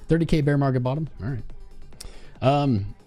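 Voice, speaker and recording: A man's voice: mid-range voice, normal speed, warm tone, soft background music. A man hosting a live crypto trading stream, chatting casually, thinking aloud and reading out viewers' price guesses from chat. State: chapped cuticles from cold weather. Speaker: livestream trading host.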